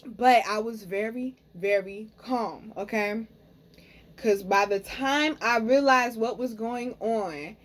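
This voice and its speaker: Chatty woman telling a story to viewers. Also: on the high side. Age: young adult. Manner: animated, talks to viewers as "y'all", frequent "okay?". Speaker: spiritual reader and vlogger.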